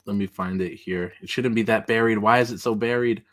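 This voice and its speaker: A man hosting a casual podcast stream, relaxed and rambling, laughing at his own stories. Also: on the low side, a little fast. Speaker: podcast host. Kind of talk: casual chat.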